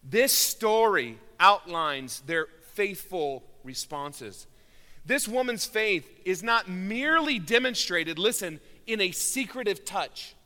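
Earnest preacher in a reverberant hall. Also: male voice, sing-song, takes it slowly. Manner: earnest preaching, swells loud on key words then drops low. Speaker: pastor. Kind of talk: sermon.

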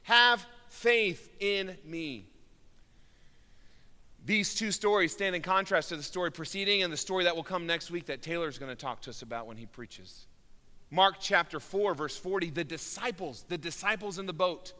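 A man preaching a sermon with earnest emphasis, rising loud on key words and dropping low and quiet. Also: moderate pace. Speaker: pastor. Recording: long hall reverb.

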